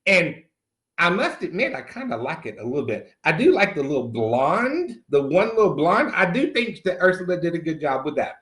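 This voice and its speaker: A man's voice: fairly high pitch, big pitch swings, moderate pace, a bit bright. A middle-aged man playing a crude, brash country man, cursing freely and calling everyone honey. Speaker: comedy character host. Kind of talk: improvised comic monologue. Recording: roomy echo.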